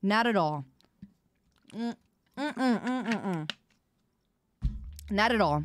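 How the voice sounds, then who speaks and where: A woman streamer chatting casually with her viewers, loud and expressive, quick to protest and tease. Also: mid-range voice.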